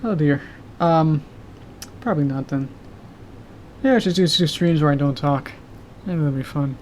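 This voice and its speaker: A man with a somewhat high voice chats casually to his stream audience, pausing often and filling gaps with "um" and soft laughs. His throat sounds sore and tired. A faint hum from a heater sits behind him in his home room. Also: steady tone. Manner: halting, with filler words and soft laughs. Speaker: animator streamer. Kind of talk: casual live-stream chat.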